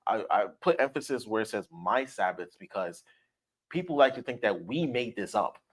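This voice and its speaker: A man's voice: fairly low pitch, big pitch swings, moderate pace. A man leading a livestreamed Bible study, emphatic and repetitive, checking in with "all right?" after his points. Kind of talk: livestreamed scripture lesson.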